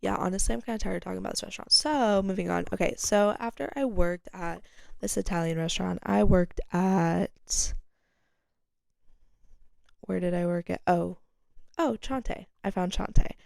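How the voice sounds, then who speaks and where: A woman's voice: lowish voice, moderate pace, vocal fry, a little mellow, dry recording, studio quality. A young woman hosting a casual chat podcast, telling a rambling story full of fillers and restarts. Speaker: podcast host.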